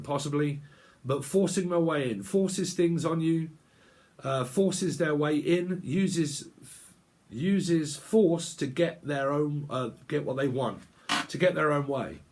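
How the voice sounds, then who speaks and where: A man's voice: a little high, a little slow, darkish tone. A man giving a casual tarot reading, rambling bluntly and swearing freely. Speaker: tarot reader.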